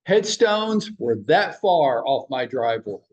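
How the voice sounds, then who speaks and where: A man's voice: medium pitch, sing-song, takes it slowly, darkish tone, lo-fi sound. A man who runs a real estate office, leading a training huddle for his agents. He tells stories bluntly, swears a little, and fires rhetorical questions at the room. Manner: storytelling, blunt, mild swearing.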